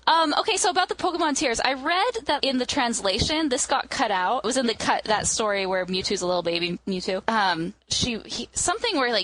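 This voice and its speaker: A woman with a somewhat raised voice, chatting casually on a podcast. She is wry and runs quickly through bits of trivia in a loose ramble. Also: fairly high pitch, expressive, a bit bright, no room sound, poor audio. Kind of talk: casual chat.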